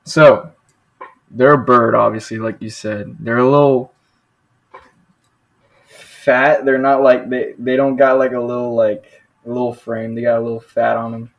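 A young man with an everyday mid-pitched voice, a guest on a casual podcast. He talks in a relaxed, slangy way and trips over his own sentences. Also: a little slow, vocal fry, long pauses, lo-fi sound. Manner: laid-back slang, says dude and bro, many restarts. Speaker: podcast guest taking a quiz. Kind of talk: casual chat.

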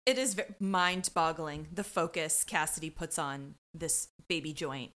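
A woman's voice: sits low, unhurried, fairly bright tone. A woman co-hosting a podcast, recapping an episode in casual chat with playful joking asides. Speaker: podcast co-host.

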